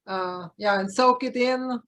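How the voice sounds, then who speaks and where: A woman from Austria talks about her horse in a hesitant, halting way, often breaking off and starting over. Her voice has a mid-range pitch. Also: a bit bright. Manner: hesitant, halting, with many restarts. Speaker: horse owner.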